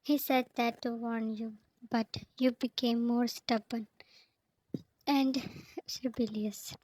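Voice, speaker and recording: A woman reading fanfiction aloud in a flat, even way, naming each speaker before their lines. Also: on the high side, slow, low-quality recording. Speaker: fanfiction reader.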